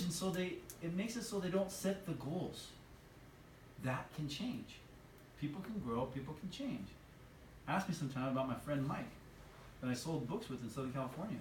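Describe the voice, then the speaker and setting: A lively male sales trainer speaks to a roomful of trainees with a fairly high, bouncing voice that swings up and down. He pitches questions at the audience. The recording sounds roomy and distant, with a faint hiss. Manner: enthusiastic, animated, asks the audience questions. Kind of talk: live motivational seminar talk. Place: training room with a live audience. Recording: echoey room from far off, light hiss.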